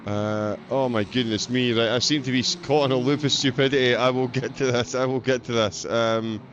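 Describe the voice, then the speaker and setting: A man's voice: medium pitch, steady tone, moderate pace. Scottish man commentating a race live. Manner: chatty, frequent uh fillers, self-deprecating. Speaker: race commentator and stream host. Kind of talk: live sim-racing commentary. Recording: dull lo-fi audio with loud race car noise.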